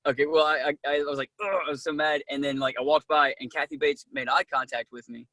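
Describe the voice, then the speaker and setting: A man being interviewed as an actor, telling casual, animated stories and acting out what people said, with many fillers. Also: a little high, fast talker, no room sound. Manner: animated, acts out quoted dialogue, many "like"s. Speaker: actor guest.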